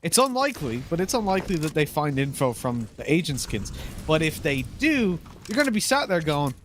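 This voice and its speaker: A man's voice: a little high, big pitch swings, a little fast, a little hiss or hum. Man riffing as a game co-caster. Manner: rambling, silly analogies, laughing. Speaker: esports co-caster. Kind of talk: color commentary.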